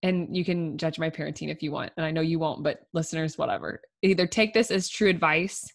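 Young woman co-host, lower voice, casual and chatty, many "likes". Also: steady tone, fairly quick. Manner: chatty, says "like" often, laughs easily. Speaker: podcast co-host. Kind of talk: casual chat.

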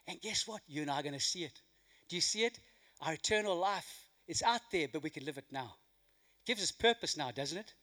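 Animated high-voiced man preaching. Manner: animated, swinging from loud emphasis to hushed quiet. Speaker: pastor. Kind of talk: sermon with a told joke. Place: church hall.

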